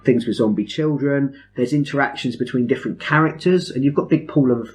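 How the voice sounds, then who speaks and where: A man's voice: mid-range voice, brisk, darkish tone. A man hosting a podcast, explaining things in an enthusiastic, rambling way with self-mocking asides. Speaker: podcast host. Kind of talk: casual chat among friends.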